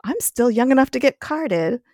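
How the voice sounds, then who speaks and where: A woman's voice: on the high side, sing-song, normal speed, darkish tone, dry recording, pitched above the performer's own voice. A woman voicing a fussy middle-aged British man with a put-on British accent, in a dry, mocking manner that is partly whispered. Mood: wry.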